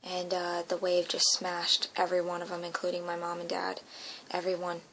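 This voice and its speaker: A woman's voice: fairly low pitch, monotone, normal speed, a bit bright, slight background noise, low-quality recording. A woman earnestly recounting a dream as a personal testimony, emotional and often dropping into a whisper.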